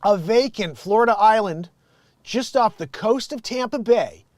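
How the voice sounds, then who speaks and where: A middle-aged man hosting a comedic news show, riffing on stories and jumping into loud impressions. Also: sits high, animated, measured pace, no room sound, studio quality. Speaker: show host.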